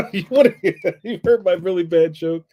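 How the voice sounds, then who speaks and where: A man's voice: high-pitched, normal speed, mellow. A man, hosting a livestream and chatting casually through viewer comments in a rambling, jokey way with frequent laughs. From Philadelphia, US. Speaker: livestream host.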